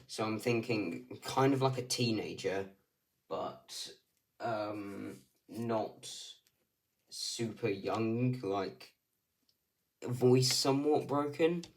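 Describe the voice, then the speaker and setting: A man's voice: on the low side, extremely slow, slight background noise. A man running a casting call, talking casually and hesitantly with many ums and likes. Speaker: stop-motion creator running a casting call. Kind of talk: casual talk to camera. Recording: voice slightly distant from the mic.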